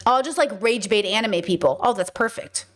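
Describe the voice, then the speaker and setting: A woman streaming live, talking casually to her viewers in an animated, sarcastic way. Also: medium pitch, normal speed. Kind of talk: casual livestream chat.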